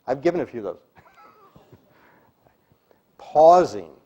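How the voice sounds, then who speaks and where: A middle-aged man with a mellow, warm voice coaches a room of listeners on speaking skills. He talks emphatically, stressing key words and showing each point by example. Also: mid-range voice, animated, slow pace, lo-fi sound. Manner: emphatic, demonstrates delivery, drops to a whisper for effect. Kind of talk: live seminar talk to a group.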